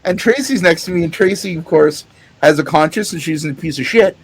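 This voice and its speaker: A man co-hosting a podcast animatedly recounts a show in casual chat, swearing freely and laughing often. His voice is on the high side, a little fast, with a breathy edge.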